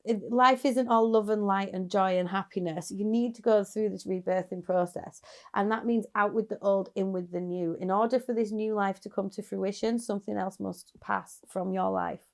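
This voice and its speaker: Gravelly-voiced woman giving a tarot reading. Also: medium pitch, fairly even intonation, normal speed. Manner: chatty, encouraging, laughs at the cards. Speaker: tarot reader. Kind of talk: casual tarot reading to camera.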